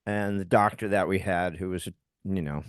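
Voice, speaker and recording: Speaking at a normal pace in a low, steady, smooth voice, this middle-aged man co-hosts a podcast and recounts something that happened to him. He gets heated and profane, performing other people's lines, and there's no room sound.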